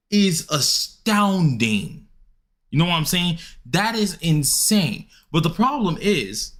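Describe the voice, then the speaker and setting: A young adult man chatting casually and rambling while he streams a game, leaping into high excited yelps. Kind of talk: casual gaming stream chat.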